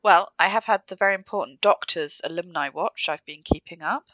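A woman's voice: lowish voice, brisk, fairly bright tone, dry recording. A woman co-hosting a podcast in casual chat, giving enthusiastic commentary. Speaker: podcast co-host.

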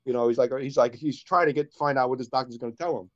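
A man's voice: medium pitch, fairly even intonation, rapid-fire. A man co-hosting a casual show, telling long jokes and putting on voices for the characters in them. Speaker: co-host. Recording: dull lo-fi sound.

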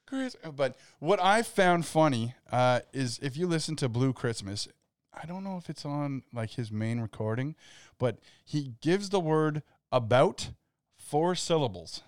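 Smooth-voiced laid-back man. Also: fairly high pitch, expressive, unhurried, no echo, studio quality. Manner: laid-back, laughs easily. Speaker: podcast co-host. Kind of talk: casual chat.

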